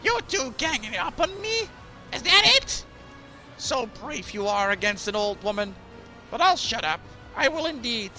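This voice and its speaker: A man doing a shrill, hissing old woman. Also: big pitch swings, a little slow, bright, forceful tone, soft background music, full character voice. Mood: indignant. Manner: indignant, grudging.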